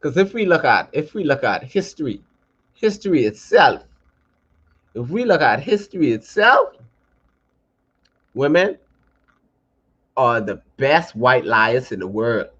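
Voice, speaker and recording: A man co-hosting a podcast in casual, playful banter, animated and mock-indignant. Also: mid-range voice, a little slow, long pauses, husky. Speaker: podcast co-host. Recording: dull lo-fi podcast audio.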